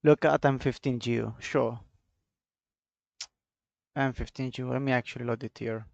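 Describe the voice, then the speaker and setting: A man with an Italian accent talks through charts in a chatty, offhand way, answering viewers as he goes. His voice has a gravelly, fry-tinged edge. The sound is dry and a bit dull, as if from a muffled home mic. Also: mid-range voice, fairly even intonation, a little slow, a little mellow, no room sound. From Italy. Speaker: trading streamer. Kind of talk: casual live commentary on charts.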